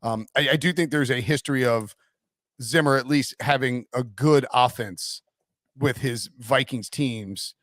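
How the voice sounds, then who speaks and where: A man hosting a casual sports podcast, chatty and quick to laugh as he talks. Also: mid-range voice, fairly bright tone, dry recording, clean studio sound. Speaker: podcast host.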